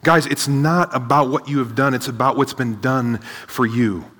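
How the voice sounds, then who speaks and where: A man preaching a sermon to a seated audience, energetic, asking rhetorical questions and often adding "right?". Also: mid-range voice, normal speed. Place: large hall with a live audience. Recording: long hall reverb.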